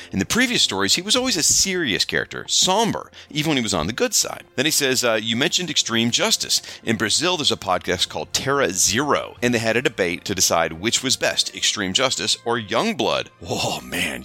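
Man, podcast host, teasing and self-mocking, low-ish bright voice. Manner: playful, self-mocking, jokey asides. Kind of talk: reading listener feedback.

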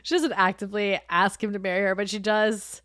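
A woman's voice: mid-range voice, level tone, fairly quick, fairly bright tone, no echo, studio quality. A woman co-hosting a book podcast in casual chat, gushing and laughing often.

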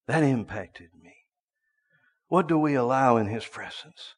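A man delivers a sermon in a storytelling way. His voice is mid-pitched for a man, and he drops to hushed asides, then breaks into loud bursts. A long hall reverb trails behind every phrase. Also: expressive, unhurried, long pauses. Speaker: preacher.

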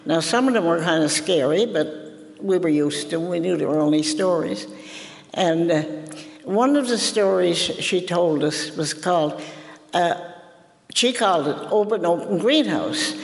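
An older woman from Newfoundland with a Newfoundland accent, telling a family folk tale to a live audience in a homely, unhurried way. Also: on the low side. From Newfoundland, Canada. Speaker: storyteller. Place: university conference hall. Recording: archival recording in a reverberant hall.

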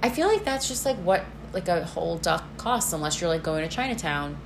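A woman co-hosting a podcast, chatting casually in an excitable way and filling her talk with "like". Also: on the low side, a little fast, creaky, background noise. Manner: chatty and excitable, heavy use of "like". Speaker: podcast co-host. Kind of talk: casual chat.

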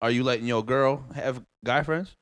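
A man's voice: mid-range voice, normal speed, fairly bright tone. A man in casual chat, chiming in with brief agreement and wry asides.

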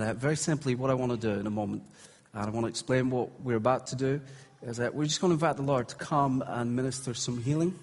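Male preacher, slightly husky, higher than most; encouraging, playful with the crowd; live in a reverberant hall. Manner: encouraging, gently humorous, calls out to the crowd. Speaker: preacher leading a healing service. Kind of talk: live sermon ministry. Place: large hall with congregation. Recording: echoey hall with faint crowd.

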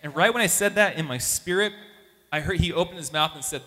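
A man with a bright, forceful voice pitched a little high gives a lively testimony as a youth minister. He tells his story with energy and acts out what people said to him. His voice rings with a long reverb, as if he is in a large hall. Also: a little fast. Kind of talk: testimony talk.

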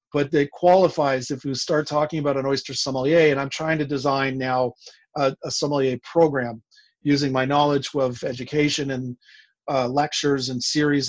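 A man speaks in a fairly high register, eagerly walking through his craft. He explains at length in a relaxed interview, often restarting his sentences. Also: no echo. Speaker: oyster expert guest. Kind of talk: casual interview talk.

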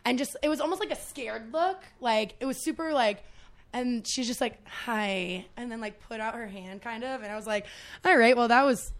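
A woman's voice: fairly high pitch, brisk. A woman guesting on a podcast, telling a story in casual chat, swearing freely and laughing along.

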